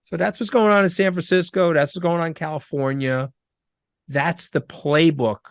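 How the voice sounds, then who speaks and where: A middle-aged New man speaks as an interview guest, somewhat high for a man and full of emphatic, rapid-fire energy. His voice sits close and dry, with no room around it. He tells stories in a lively, punchy way. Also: no echo. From Long Island, New York. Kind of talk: conversational interview.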